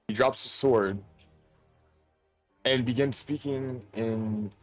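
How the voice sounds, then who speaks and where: A man narrates a tabletop role-playing game as its game master, loose and casual, pausing on fillers. His voice is mid-pitched and dry, recorded close, with faint music behind. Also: fairly even intonation, no room sound.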